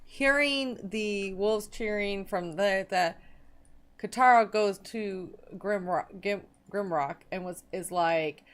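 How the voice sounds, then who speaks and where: A woman's voice: medium pitch, slow pace. A woman playing a tabletop game, chatty and giggly, acting out her character's lines. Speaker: player.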